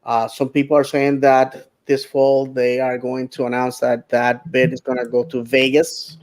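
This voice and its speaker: A middle-aged man talks football in a loose, rambling way, stopping often to restart his sentences. His voice is smooth and clear at an ordinary pitch. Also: completely flat delivery, measured pace, a little mellow. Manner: rambling, many fillers and restarts. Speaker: podcast co-host. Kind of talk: casual sports chat.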